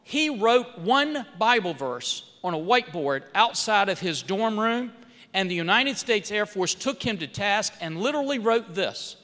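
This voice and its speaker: A congressman speaking at a church addresses the gathering in a notably high, bright, ringing voice, unhurried and full of big pitch swings. He tells stories and quotes others in acted-out dialogue, growing louder for emphasis and sinking softly as phrases end. A long reverb makes him sound like he's in a big hall.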